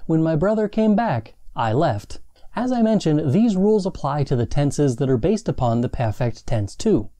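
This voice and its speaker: Man, language teacher, scripted lesson, animated intonation, slow careful examples. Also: a little high. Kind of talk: scripted grammar lesson narration.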